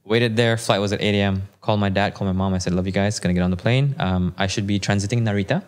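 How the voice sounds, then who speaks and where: A man in his thirties, a podcast guest, tells a personal story in relaxed chat. His voice sits on the low side, and he livens his telling by putting on the voices of people he quotes. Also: quick pace.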